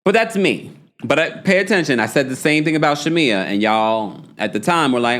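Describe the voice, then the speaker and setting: A young man hosting a casual recap of reality TV, chatty and opinionated. His pitch swoops up and down, reaching high for the lines he acts out. His voice sits in a middle register for a man. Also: normal speed. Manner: animated and gossipy, with exaggerated quoted voices. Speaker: podcast host recapping reality TV.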